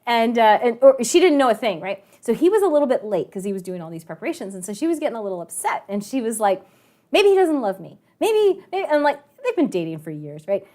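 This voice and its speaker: A woman's voice: medium pitch, very animated, quick pace, few pauses, dark tone. A woman teaching a live online math class, chatty and telling a story, often asking the kids questions.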